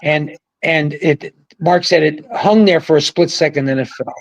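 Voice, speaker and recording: An older man, a guest who was a pro bowler, telling a profane, animated story in casual conversation. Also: fairly high pitch, normal speed, low-quality recording.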